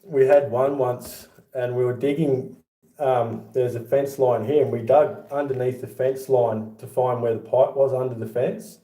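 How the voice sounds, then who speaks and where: Middle-aged Aussie bloke, casual livestream host, easy storyteller, recorded in a roomy, echoey space. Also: male voice, medium pitch, steady tone, a little slow, warm tone. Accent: Australian. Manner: chatty, laughs through his own yarns. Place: home with boxed-up rooms. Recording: echoey room.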